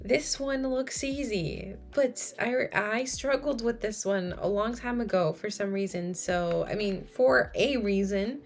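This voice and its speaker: A young woman works through a coding problem on a live stream, talking at an unhurried pace. She thinks aloud, greets viewers and keeps correcting herself. Faint music and the clatter of a keyboard sit behind her mid-pitched voice.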